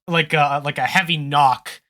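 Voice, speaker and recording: A game master narrating an improvised tabletop role-play in a relaxed, rambling way. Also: mid-range voice, measured pace. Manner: relaxed, rambling, laughs often.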